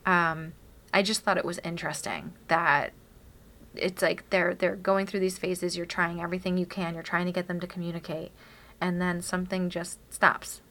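Female co-host, bright and slightly low, thoughtful storyteller. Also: level tone, moderate pace. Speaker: podcast co-host. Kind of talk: casual parenting chat.

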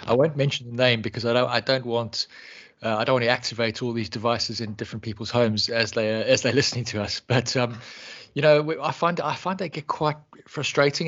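A man's voice: mid-range voice, fairly bright tone, dull audio. A man with a South African accent co-hosting a podcast, chatting casually and hesitantly, often repeating words. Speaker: podcast co-host.

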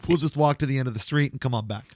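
A man's voice: medium pitch, racing, no room sound, clean studio sound. A man co-hosting a podcast, telling a story in casual, profane chat. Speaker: podcast co-host.

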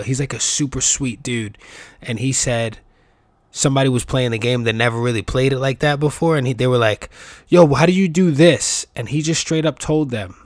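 A man's voice: medium pitch, no echo, studio quality. A man hosting his own podcast, rambling through a profane, tangent-filled casual monologue. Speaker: podcast host.

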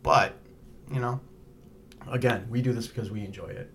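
A man's voice: fairly low pitch, steady tone, normal speed, fairly bright tone. Male podcast co-host, rambling and jokey, casual chat with slight background noise. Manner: rambling, jokey, goes on tangents.

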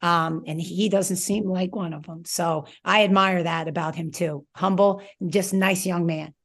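Speaking at a measured pace with fairly even intonation, a woman with a low-leaning voice discusses sports as a talk-show guest. She's a former college coach whose delivery is conversational and emphatic, with plenty of rambling asides.

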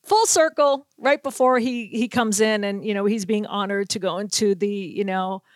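A woman from Boston, a sports reporter hosting a casual talk show, telling a lively anecdote full of acted-out quotes. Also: mid-range voice, moderate pace, dry recording. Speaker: sports reporter, podcast host. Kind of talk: casual storytelling chat.

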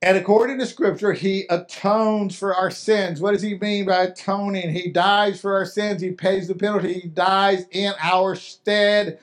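A man's voice: high voice, steady tone, unhurried, few pauses. A pastor preaching a sermon in a conversational way, asking the listeners questions and often repeating and restarting his words. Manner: voice swings from quiet to loud with emphasis.

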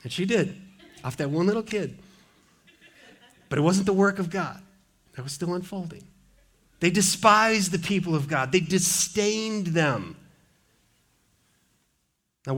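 A man preaching a sermon as pastor in a church, lively and conversational, dropping playful quoted asides. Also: medium pitch, husky. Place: church sanctuary.

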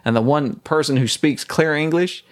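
A man's voice: on the high side, normal speed. A man co-hosting a podcast, teasing and riffing in casual chat. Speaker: podcast co-host.

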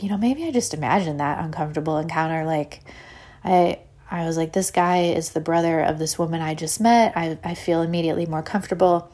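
A woman hosting her own podcast, telling a story in a rambling, casual way, full of "like" and acted-out quotes. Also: lowish voice. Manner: rambling, many "like" fillers; animated retelling with acted-out quotes. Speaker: podcast host.

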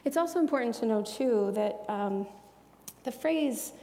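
Lady doing a chatty bible lesson, kinda high voice w some fry, long echo on it. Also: lively intonation, a little slow. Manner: earnest, chatty, drops into soft hushed asides. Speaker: Bible teacher. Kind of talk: conversational Bible teaching. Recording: long echoey reverb.

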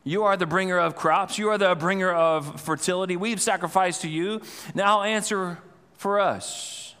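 A preacher voicing a frantic crowd of pagan prophets, chanting and pleading. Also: male voice, high voice, normal speed, bright, forceful tone, smooth, voice pushed up. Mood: desperate pleading. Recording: long church reverb.

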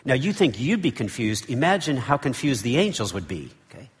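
A man preaches to his congregation, acting out the story with rising energy and rhetorical questions. His voice sits at a middling pitch. A long reverb from the church sanctuary trails behind every phrase. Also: fairly quick. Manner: animated storytelling, rhetorical questions, frequent "okay?". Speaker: pastor. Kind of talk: sermon.

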